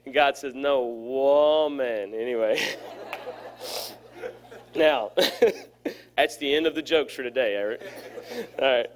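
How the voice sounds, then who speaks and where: A man's voice: medium pitch, a little slow, long pauses. A man preaching a sermon to his church, folksy and joking, acting out characters in his stories. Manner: folksy and humorous, acts out voices in stories. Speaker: pastor.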